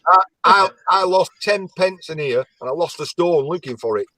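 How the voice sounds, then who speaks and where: A man's voice: high voice, animated, normal speed, sharp tone, dry recording, rough recording. A man from near Manchester, a guest on a live stream who drops dry one-line jokes. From England, near Manchester. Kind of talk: casual live-stream chat.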